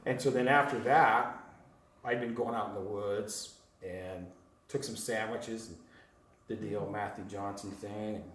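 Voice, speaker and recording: A man's voice: on the low side, measured pace. Rambling man telling a story, far off. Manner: rambling, animated, laughs often. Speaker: retreat guest telling his story. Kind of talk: casual storytelling to a group. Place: home on a mountain top. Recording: roomy sound from far off.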